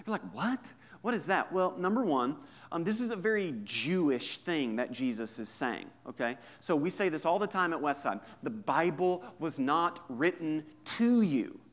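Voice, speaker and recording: Male pastor, mid-high voice, chatty humorous sermon delivery, quiet asides and punchy emphasis. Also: sing-song, moderate pace. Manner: conversational and humorous, swinging from hushed to emphatic.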